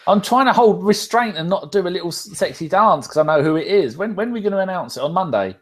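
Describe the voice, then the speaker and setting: A man's voice: high-pitched, expressive, fast talker. A laid-back man hosts a live podcast stream and reads out viewer comments as he goes. He chats loosely and swears freely between the comments. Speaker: podcast host reading chat. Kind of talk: casual live-stream chat.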